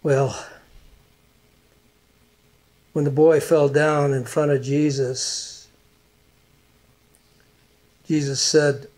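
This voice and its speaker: A middle-aged male pastor preaching in an unhurried way. His voice sits a little high for a man, and he lets heartfelt lines hang in long pauses. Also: little pitch movement, a little mellow. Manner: slow, earnest, emotional preaching with pauses. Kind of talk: sermon.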